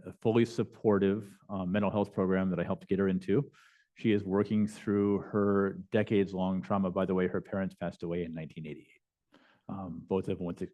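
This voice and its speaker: A man's voice: low-pitched, dull audio. A man, a bishop and chaplain, telling stories in a conversational lecture with frequent fillers and restarts. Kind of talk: lecture storytelling. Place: lecture hall.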